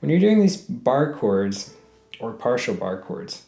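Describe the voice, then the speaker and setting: A man with a mid-range, gravelly, warm voice gives a friendly ukulele lesson step by step, speaking slowly with big swings in pitch. He counts beats aloud, hums the melody, and calls his viewers "guys." The recording has a roomy echo, with ukulele playing.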